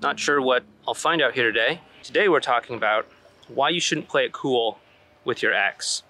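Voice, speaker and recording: A man's voice: medium pitch, moderate pace, pushed and bright. A young adult man, a relationship coach, talking earnestly on a walk outdoors in a forest, with fillers and restarts. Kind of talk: casual advice vlog.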